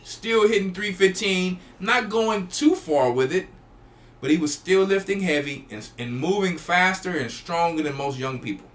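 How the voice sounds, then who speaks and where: Black preacher guy hosting a show, high bright voice, keeps repeating himself for emphasis. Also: moderate pace. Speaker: church elder and show host. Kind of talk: preaching talk to a live audience.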